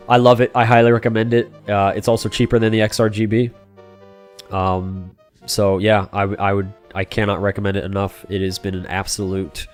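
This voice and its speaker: A rambling, chatty man with a somewhat low voice, talking casually to his live-stream viewers while he plays. Faint music sits behind him. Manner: chatty, rambling, talks to chat by name, many fillers and restarts. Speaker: game streamer.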